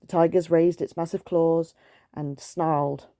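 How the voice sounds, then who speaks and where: A woman reading a picture book aloud in a gentle, soothing way, with chatty asides. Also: low-pitched, steady tone, unhurried, no room sound, clean studio sound. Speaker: storytime reader.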